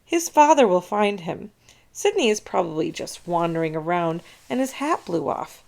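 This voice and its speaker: A woman doing a patient, gently chiding schoolteacher. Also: on the low side, sing-song, normal speed, vocal fry. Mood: gentle. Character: patient, kindly female schoolteacher.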